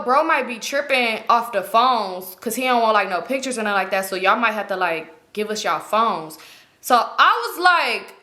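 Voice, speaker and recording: Bright-voiced young woman telling a story. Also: on the high side. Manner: slangy, profane, acts out quoted lines. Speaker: vlogger. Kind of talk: casual storytime.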